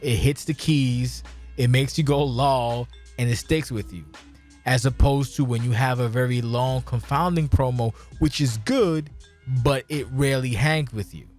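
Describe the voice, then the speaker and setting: A man's voice: mid-range voice, unhurried, faint music behind. A man hosting a podcast, talking casually in a rambling, profane way and sounding tipsy. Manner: rambling, profane, animated storytelling. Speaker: podcast host. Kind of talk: casual chat.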